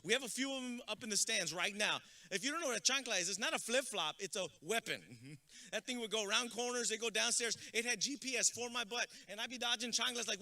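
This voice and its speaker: A man giving a comedic, energetic graduation speech as a motivational speaker, dropping in Spanish words. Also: very high-pitched, fast. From Texas. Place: outdoor graduation ceremony with stands.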